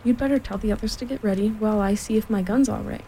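Lady doing a know-it-all little boy from a storybook, confident, mellow. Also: mid-range voice, fast, a little hiss or hum, natural voice, low-quality recording. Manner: confident, explaining. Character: young boy, confident and knowing.

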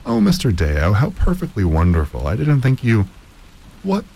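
A man voicing an excitable young woman in a high falsetto, gushing with delight. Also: normal speed, creaky, a little hiss or hum, heavily acted.

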